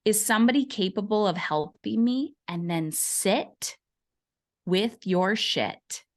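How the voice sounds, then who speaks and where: A woman's voice: medium pitch, lively intonation, takes it slowly. A woman in her forties, a podcast guest, telling a story with energy and acting out the voices she quotes. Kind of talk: conversational interview.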